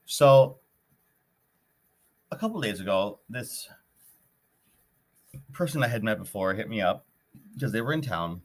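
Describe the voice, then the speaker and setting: A man with a somewhat low voice tells a story on his podcast. He rambles, circles back and restarts often, and keeps it loose and conversational. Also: lively intonation, unhurried, pauses often. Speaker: podcast host. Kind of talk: casual storytelling.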